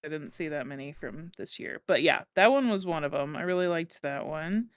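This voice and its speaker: Smooth, dry-sounding young woman chatting. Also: sits low, expressive, a little fast, no room sound. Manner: laughs often, easygoing. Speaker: podcast co-host. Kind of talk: casual chat.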